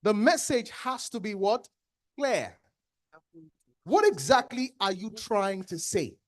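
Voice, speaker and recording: Taking it slowly in a mid-range voice, a trainer with a Nigerian accent runs an interactive workshop and quizzes the audience in a training hall. The trainer is animated, asking questions and answering them. There's no echo, and the studio sound is clean.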